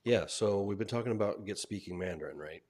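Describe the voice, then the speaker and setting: A man hosting a live online talk in a relaxed, agreeable way, chatting and steering the conversation to the next topic. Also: fairly low pitch, normal speed. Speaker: host. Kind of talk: casual chat on a livestream.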